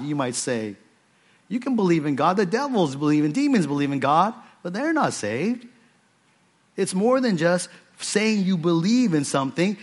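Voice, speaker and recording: A man preaching an earnest sermon to his own church, stressing points by repeating phrases. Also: on the high side. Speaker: pastor.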